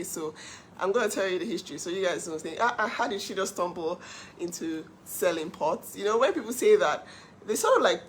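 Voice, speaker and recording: Animated woman on a livestream. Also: lowish voice, slight background noise. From Nigeria. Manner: animated and emphatic, laughing often. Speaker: cookware seller hosting a livestream. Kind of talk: casual livestream talk.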